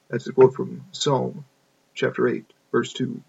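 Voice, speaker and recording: Gravelly man reading scripture. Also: medium pitch, far from the mic. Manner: measured, steady reading with brief asides. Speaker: scripture reader. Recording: dull lo-fi recording.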